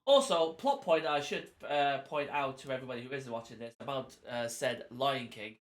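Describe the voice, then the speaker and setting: A man's voice: medium pitch, moderate pace. A man co-hosting a games podcast, giving blunt, emphatic verdicts and swearing for effect. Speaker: podcast co-host. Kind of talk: casual chat.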